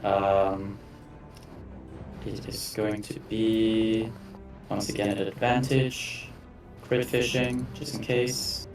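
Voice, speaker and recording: A man running a tabletop game as game master, casual and self-correcting, with quick apologetic asides. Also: fairly low pitch, flat delivery. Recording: echoey room with faint background music, mic at a distance.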